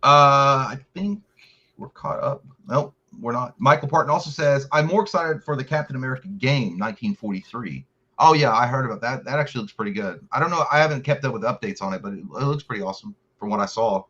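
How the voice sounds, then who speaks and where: A man co-hosting a casual podcast, reading out viewer comments and chatting in a rapid, rambling way, swearing freely. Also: mid-range voice, sharp tone, lo-fi sound. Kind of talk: casual profane chat.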